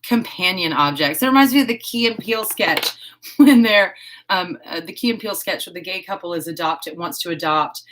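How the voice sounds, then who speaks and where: A woman hosting a casual live stream while crafting. She chats, giggles and thinks out loud. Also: fairly low pitch, brisk, a little hiss or hum. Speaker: host of a horse-themed channel.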